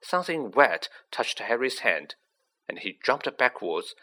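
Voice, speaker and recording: A man's voice: medium pitch, very animated, a little slow, pushed and bright. A man reading a children's story aloud, narrating with acted character voices. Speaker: audiobook reader.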